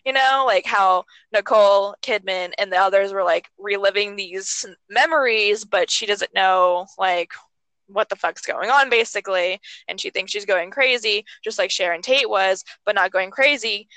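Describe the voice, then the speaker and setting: Bright-voiced young woman, casual swearing chat. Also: moderate pace, no room sound, rough recording. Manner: animated, swears freely, acts out lines in high squeaky voices.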